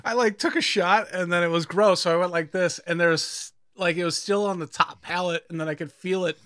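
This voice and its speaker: A man co-hosting a podcast, chatting in a relaxed, rambling way. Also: sits high, brisk, no echo, studio quality. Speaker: podcast co-host. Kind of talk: casual chat.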